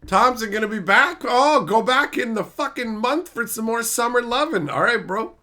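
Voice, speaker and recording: Animated, bright-voiced ranting male streamer. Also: extremely high pitch, moderate pace. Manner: profane, ranting. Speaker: streamer reading chat. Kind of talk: casual livestream chat.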